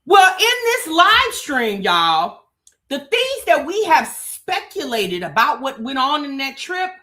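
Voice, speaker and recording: High bright woman doing gossip commentary on a livestream, aave, chatting right at her viewers, super animated. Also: slow. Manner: animated, talks straight to the chat with "baby" and "child". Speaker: commentary show host.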